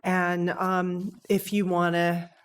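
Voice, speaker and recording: A woman's voice: on the low side, flat delivery, slow pace, clean tone. A woman hosting a live talk, giving friendly, lightly joking closing remarks. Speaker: event host.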